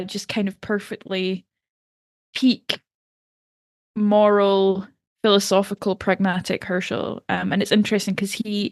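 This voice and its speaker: A woman's voice: mid-range voice, dry recording, studio quality. Chatty woman recapping a TV episode. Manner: enthusiastic, laughs often, acts out quotes. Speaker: podcast co-host. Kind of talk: casual TV recap chat.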